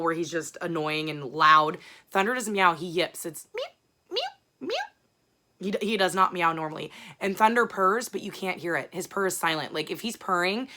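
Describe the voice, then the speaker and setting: Chatty woman with a bright, tense edge. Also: on the low side. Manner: chatty, rambling, frank with casual swearing. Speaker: book vlogger. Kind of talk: casual chat.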